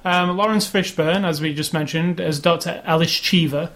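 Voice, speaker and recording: A man co-hosting a casual movie review chat, rambling and opinionated, getting animated when he complains. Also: fairly high pitch, moderate pace. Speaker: podcast co-host.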